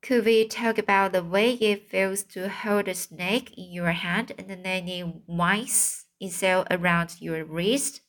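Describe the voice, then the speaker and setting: A woman's voice: mid-range voice, steady tone, takes it slowly, hardly any pauses, fairly bright tone. A woman voicing an eager schoolboy asking a question in a storybook reading.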